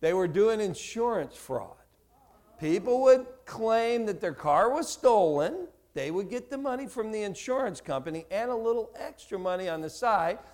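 A man in his sixties from the Newark, New Jersey area gives his sermon testimony, acting out dialogue with animated, self-mocking humor. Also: high-pitched, normal speed. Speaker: preacher giving his testimony.

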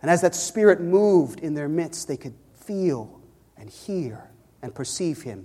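High-voiced man preaching in an echoing church. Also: sing-song, unhurried, warm tone, breathy edge. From Chicago. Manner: preaching with rising emphasis and audience call-outs. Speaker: pastor. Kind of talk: sermon. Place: church sanctuary. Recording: long reverb in a church hall.

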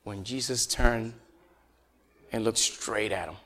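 A man's voice: lowish voice, takes it slowly, fairly bright tone. A man from Puerto Rico preaching a conversational sermon as pastor, chatty and full of rhetorical questions. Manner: chatty, asks the congregation rhetorical questions, chuckles often.

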